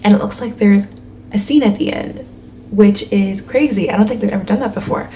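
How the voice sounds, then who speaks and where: A young woman reacting out loud to a show, gasping and thinking aloud as she watches. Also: mid-range voice, a little fast, slight background noise. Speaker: reaction video host. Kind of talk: live reaction commentary.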